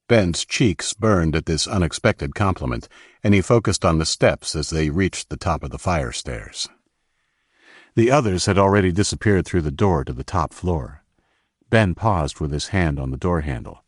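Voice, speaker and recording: A man narrating an audiobook in a steady, measured way. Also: deep voice, breathy edge, dry recording, studio quality.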